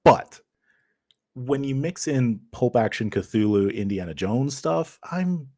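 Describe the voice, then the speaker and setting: A man's voice: mid-range voice, expressive, takes it slowly, dark tone, dry recording, studio quality. A man speaking as a guest game master over a video call, upbeat and joking. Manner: upbeat and joking, laughs easily. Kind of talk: casual interview chat.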